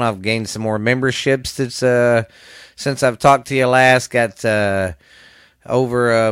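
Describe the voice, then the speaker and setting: Alone on his podcast, a middle-aged Southern American host rants casually, swearing and rambling in a fired-up drawl. He has a medium pitch and a fairly bright, clean tone, captured at studio quality without echo.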